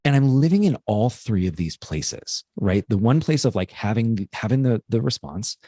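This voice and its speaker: A podcast co-host with a lowish, warm voice shares a personal story in a casual, reflective chat, speaking earnestly and rambling with lots of fillers. His intonation is lively and his pace moderate, in a clean studio recording with no room sound.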